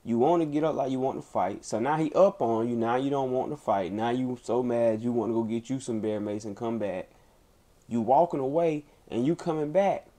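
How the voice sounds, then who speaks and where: A man's voice: medium pitch, moderate pace, warm tone. A man streaming live, giving blunt, emphatic commentary on a feud, repeating his points and swearing freely.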